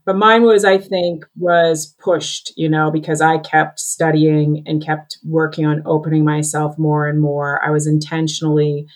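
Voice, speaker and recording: A woman's voice: low-pitched, flat delivery, unhurried, few pauses. A woman speaking reflectively in a casual conversation, hesitant and using fillers. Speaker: guest, psychic medium.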